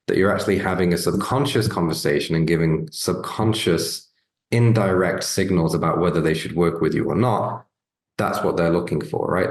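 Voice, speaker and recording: A man's voice: deep voice, roomy sound. A man teaching sales skills in a casual, earnest talk, often checking in with "right?" and "okay?". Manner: conversational, repeated "right?" and "okay?" check-ins. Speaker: sales coach. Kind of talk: business training talk.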